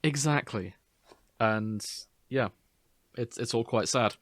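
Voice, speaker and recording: A man's voice: mid-range voice, slow, a bit bright, dry recording. A man co-hosting a podcast, chatting casually with dry jokes and reading facts aloud. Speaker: podcast co-host. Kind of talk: casual chat.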